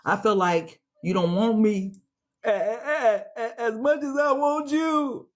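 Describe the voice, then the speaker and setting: A man's voice: very high voice, measured pace. A man voicing a heartbroken adult who pleads with an absent lover, stammering and repeating words. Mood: pleading, hurt.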